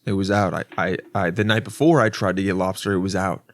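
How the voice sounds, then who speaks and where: A man's voice: deep voice, fairly even intonation, fast talker, no room sound, studio quality. A man hosting a casual solo podcast as a comedian, rambling and restarting his sentences, with profane, wry asides. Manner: rambling and self-interrupting, with frequent restarts.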